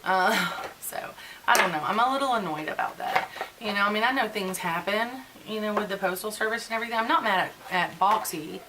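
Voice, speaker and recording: A woman's voice: mid-range voice, brisk, background noise. A woman in her forties chatting casually and venting while doing a get-ready-with-me beauty vlog. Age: 40s. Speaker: beauty vlogger.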